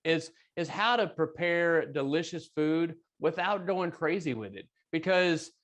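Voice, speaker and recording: A man with an Arkansas accent teaching a relaxed cooking lesson as a chef, folksy and joking with friendly asides. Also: on the high side, measured pace. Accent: Arkansas Southern.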